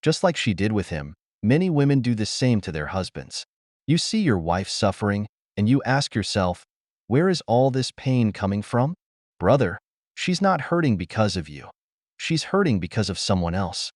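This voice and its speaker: A man's voice: lowish voice, big pitch swings, normal speed, dry recording, clean studio sound. A man giving scripted reaction commentary, preaching to viewers he calls brothers.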